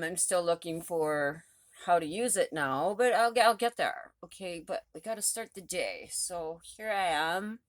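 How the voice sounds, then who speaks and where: A woman's voice: fairly low pitch, no room sound, clean studio sound. A woman chatting casually into her phone at home in a rambling morning vlog, laughing often. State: out of breath after rowing. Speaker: vlogger. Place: home, indoors. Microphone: phone held in hand.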